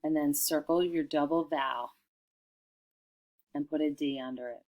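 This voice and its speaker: A middle-aged woman teacher dictating a recorded spelling lesson for children, sounding out each word slowly and clearly. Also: deep voice, steady tone, a little mellow.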